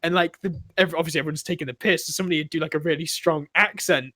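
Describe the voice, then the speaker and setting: A man's voice: fairly high pitch, steady tone, racing, pushed and bright, no room sound, clean studio sound. A man co-hosting a casual podcast chat. He tells stories animatedly, swears freely and laughs often. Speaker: podcast co-host.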